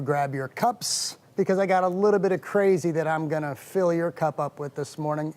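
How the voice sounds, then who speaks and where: Animated man telling a funny story. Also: sits high. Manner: animated, playful, self-mocking. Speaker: host of a wellness show. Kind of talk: casual storytelling monologue.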